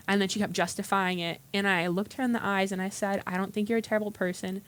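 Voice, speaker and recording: A woman's voice: medium pitch, steady tone, fast talker, hardly any pauses, clean tone. A woman earnestly telling a personal story in a meeting room, acting out past conversations in quotes. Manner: earnest, recounts dialogue in quotes. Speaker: workshop participant.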